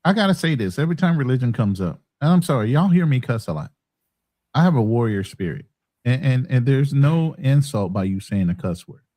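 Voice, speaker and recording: A man's voice: medium pitch, very animated, brisk, mellow. A man co-hosting a casual live talk stream, speaking emphatically when he makes a point. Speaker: co-host reading chat on a live stream.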